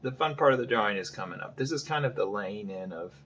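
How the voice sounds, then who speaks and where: A man's voice: fairly low pitch, lively intonation, fast, a bit bright, slight background noise. A man talking through his drawing process in a casual tutorial, thinking aloud and hesitating, often dropping to half-whispered asides. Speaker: art instructor.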